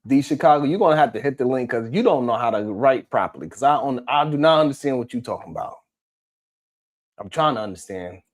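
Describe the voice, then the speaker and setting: A man's voice: mid-range voice, animated, fairly quick. A man hosting a live stream, talking casually and heatedly, swearing often and calling out chat viewers by name. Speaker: live stream host reading viewer comments.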